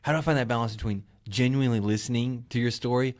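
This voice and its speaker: Here is a man telling a story over casual talk, moving quickly from one beat to the next. He is loose and profane, often laughing as he goes, and his voice sits at an everyday middle pitch. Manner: relaxed, swears freely, laughs through his own stories.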